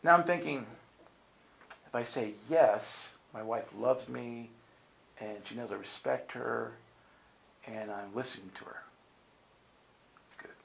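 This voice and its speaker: Speaking slowly with vocal fry and frequent pauses, a medium-pitched man tells a personal testimony while preaching. He acts out people's words with drama and keeps asking "right?" in a conversational, sermon-storytelling way. The recording is low quality, with slight background noise.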